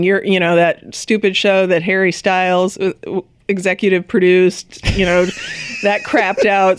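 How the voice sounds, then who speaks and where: A woman co-hosting a casual TV review podcast, chatty and quick to laugh. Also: mid-range voice, smooth. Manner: chatty, laughs often, animated asides. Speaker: podcast co-host.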